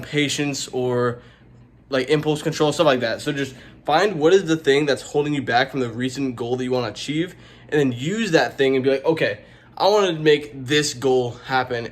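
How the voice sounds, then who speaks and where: Young guy vlogging self-help stuff, rambly, says like a lot, average pitch. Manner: rambling, lots of "like" fillers. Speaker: YouTuber. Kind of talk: casual self-help vlog.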